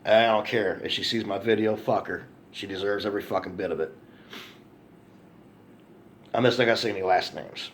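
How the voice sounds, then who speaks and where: A man's voice: fairly low pitch, moderate pace, pauses often, a little hiss or hum. Angry profane man ranting. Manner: angry, profane, repetitive storytelling. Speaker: vlogger. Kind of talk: ranting monologue.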